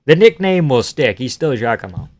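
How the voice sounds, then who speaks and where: A man's voice: medium pitch, sing-song, moderate pace, no echo. A young man hosting a live stream, casually reading out viewer comments and joking crudely in an offhand way.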